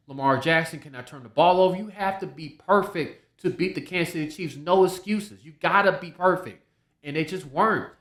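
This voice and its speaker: This solo sports podcast host has a voice on the high side, with reverb around it. His talk is casual, full of repetition and restarted sentences.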